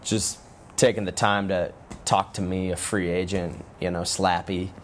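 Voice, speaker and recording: A man, a former pro football player, telling relaxed, rambling stories as an interview guest, with frequent restarts. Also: sits low, a little slow, a little hiss or hum. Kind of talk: casual interview storytelling.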